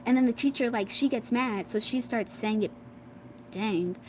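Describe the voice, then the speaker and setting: A young girl vlogger rambles through a school drama story, casually packing it with fillers and lots of "like"s while acting out what her classmates said. Her voice is on the high side at a normal speed. The audio is poor, with a little hiss or hum.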